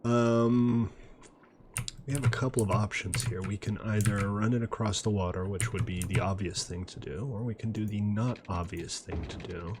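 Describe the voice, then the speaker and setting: A man with a fairly low voice talks through his city-building game at the computer. His tone is easygoing and chatty, with self-deprecating jokes along the way. Soft mouse clicks and keyboard taps sit faintly behind him. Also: fairly even intonation, normal speed, noisy background. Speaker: gaming video host. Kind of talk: casual gameplay commentary. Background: faint mouse clicks and typing.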